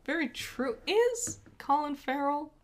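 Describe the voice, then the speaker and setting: A woman co-hosts a casual podcast, chatting and laughing often. Her voice is high-pitched and expressive, and she takes her time speaking.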